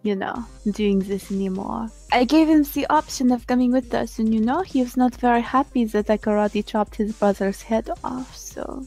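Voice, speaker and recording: A woman's voice: a little high, moderate pace, hardly any pauses, dark tone, soft background music. A woman playing a tabletop role-playing game, speaking with prim, mock-genteel manners in character. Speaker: player.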